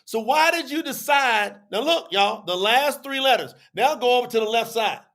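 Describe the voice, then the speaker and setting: A man's voice: extremely high pitch, expressive, normal speed, fairly bright tone. A man teaching a live audience on a religious telethon, chatty and repetitive, acting out both sides of an argument as he explains.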